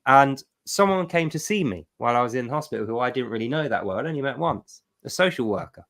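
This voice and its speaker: A man's voice: mid-range voice, lively intonation, fast, fairly bright tone. Middle-aged man telling an emphatic story. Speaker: livestream host. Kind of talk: personal testimony storytelling.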